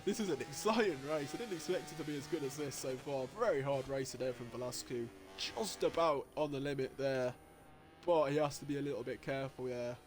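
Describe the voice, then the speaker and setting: A man giving live commentary on an online motorcycle race, getting excitable and jumping high at the overtakes, with race engine noise behind him. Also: fairly quick. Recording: noisy with engine sounds behind. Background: racing game engine noise.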